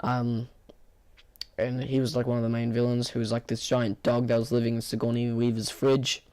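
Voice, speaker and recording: A tired-sounding man with a hoarse, medium-pitched voice talks through a movie review at a moderate pace. It's casual and rambling, full of fillers and restarts, delivered in a flat, bored manner.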